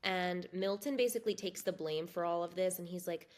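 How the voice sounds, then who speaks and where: A woman with a slightly low voice, co-hosting a podcast. She recaps plot points in a steady, casual way, with a dry laugh now and then. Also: brisk, few pauses. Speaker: podcast co-host.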